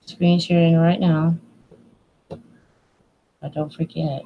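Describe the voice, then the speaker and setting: Lady hosting a stream from home, a bit low pitched, laughs a lot, loose chatter. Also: little pitch movement, takes it slowly, muffled recording, a little hiss or hum. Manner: chatty, laughing, playful asides. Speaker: livestream host. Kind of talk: casual livestream chat. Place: indoors at home near a window.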